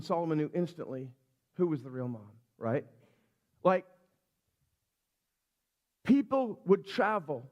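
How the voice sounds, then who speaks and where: A middle-aged man preaching a sermon as a pastor, telling stories in a chatty, animated way and acting out the people in them. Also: high-pitched. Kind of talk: sermon storytelling. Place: church sanctuary.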